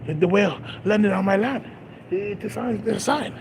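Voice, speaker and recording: A man's voice: high voice, moderate pace, voice pushed up. A man voicing a stern, desperate male Viking chieftain in a raised, theatrical voice, recorded outdoors with street noise.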